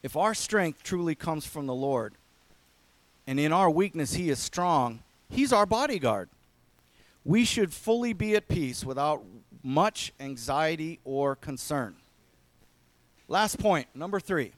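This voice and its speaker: A man preaching a sermon as a pastor in an earnest way, swinging between emphatic lines and hushed ones. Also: on the high side, expressive, slow, no room sound.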